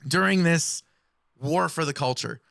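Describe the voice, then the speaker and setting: A woman giving explanatory commentary in a video, speaking in a measured, analytical way. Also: sits low, creaky, fairly bright tone, dry recording, studio quality. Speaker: music commentator.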